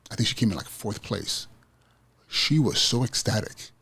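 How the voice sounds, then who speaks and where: A man's voice: lowish voice, normal speed, vocal fry, pushed and bright, breathy edge. A man hosting an education podcast, talking with passion and emphatic repetition about teaching kids to win. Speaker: podcast host, school principal. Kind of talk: motivational podcast monologue.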